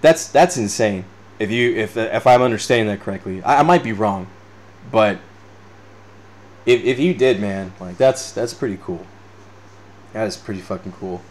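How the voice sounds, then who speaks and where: A man's voice: on the low side, moderate pace, long pauses. A man in his twenties hosting a podcast, chatting casually without a script, rambling and swearing freely while laughing often. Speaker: podcast host. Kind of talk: unscripted casual chat reading live comments.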